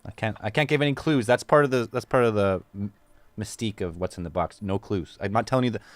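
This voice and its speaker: A man co-hosting a radio talk show in the studio, loose, jokey and excitable. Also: fairly low pitch, fast talker, no echo.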